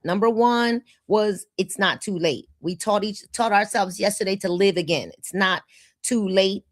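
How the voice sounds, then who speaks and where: A woman's voice: mid-range voice, a little slow, no room sound, studio quality. A woman, hosting a casual livestream and greeting viewers by name in an upbeat way. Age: 50s. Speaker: host of a livestream.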